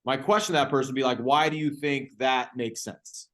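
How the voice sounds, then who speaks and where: A man's voice: mid-range voice, a little fast, a bit bright. A man guest explaining franchise steps point by point, often checking in with "right?". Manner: ends points with tag questions. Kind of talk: explaining a process.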